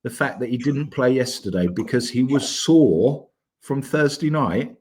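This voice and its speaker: A man's voice: medium pitch, lively intonation, unhurried, darkish tone, breathy edge. A man from Bedfordshire co-hosting a football podcast, blunt, exasperated and crude. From Bedfordshire, England. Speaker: podcast co-host. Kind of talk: casual football podcast chat.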